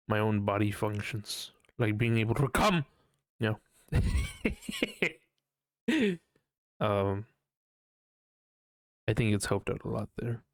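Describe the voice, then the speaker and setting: Young man, podcast host, rambling monologue, low pitch, dry close sound. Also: no echo. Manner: rambling, swears often, laughs at himself, mimics his own panicked voice. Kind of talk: casual solo podcast monologue.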